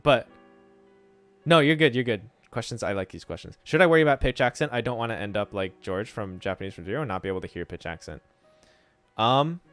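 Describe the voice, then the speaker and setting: A man's voice: lowish voice, fairly bright tone, dry recording. A man streaming and teaching Japanese, answering viewers' questions in a casual, thinking-aloud way and often checking in with "right?". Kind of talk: casual livestream talk to chat.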